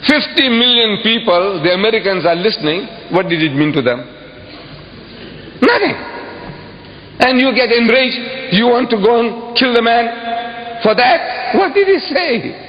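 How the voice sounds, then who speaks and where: A man giving an impassioned public speech to an audience, emphatic and repeating phrases, with sudden high exclamations. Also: lively intonation, normal speed. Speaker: public speaker addressing an audience. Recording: dull echoey hall recording with faint hiss.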